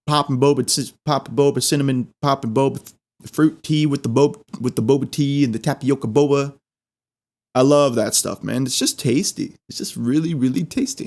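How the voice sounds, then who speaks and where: Excitable man rambling through a funny story. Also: mid-range voice. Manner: rambling, excitable, repeats words for laughs. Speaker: podcast host. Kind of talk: comedic storytelling monologue.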